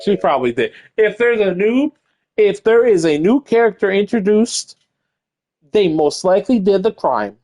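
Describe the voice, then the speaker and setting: A man's voice: sits high, animated, unhurried, darkish tone, no echo. A man streaming a game, commenting in a blunt, joking way between voiced lines. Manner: blunt, swearing, joking aside. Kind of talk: casual live-stream commentary.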